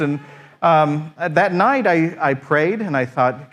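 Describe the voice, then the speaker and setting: A man's voice: a little high, normal speed, a bit bright. A middle-aged man, a pastor, telling a personal story in a sermon, acting out his own exasperated thoughts.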